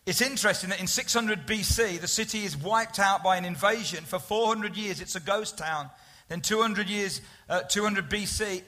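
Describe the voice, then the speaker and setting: A man preaching a sermon to his congregation in an earnest, conversational way, often dropping to a soft, intimate tone. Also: high-pitched. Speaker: pastor.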